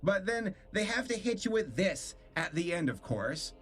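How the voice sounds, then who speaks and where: A man's voice: high voice, sing-song, normal speed, fairly bright tone, slightly rough, faint music behind. A man hosting a stream, reviewing a cartoon episode in casual, incredulous commentary, disgusted and laughing often.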